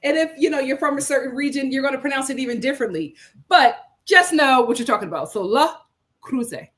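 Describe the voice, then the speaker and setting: A woman's voice: sits high, expressive, fast talker, fairly bright tone. An American woman chatting casually to her livestream viewers, upbeat and talkative with plenty of fillers and asides. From United States. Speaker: lifestyle streamer.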